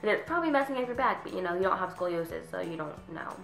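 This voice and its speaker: A teenage girl venting about her pet peeves in a casual vlog, chatty, with lots of "like", sometimes mimicking people in a higher voice. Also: animated, fast, gravelly, a bit bright, roomy sound, soft background music, rough recording. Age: teens. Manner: chatty, says "like" constantly, acts out quoted people in a higher voice. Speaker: vlogger.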